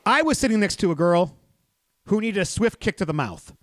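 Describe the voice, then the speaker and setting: Recapping a movie plot and chatting animatedly, a male podcast host laughs easily as he talks. His voice sits high, very animated and brisk, with no echo in the recording.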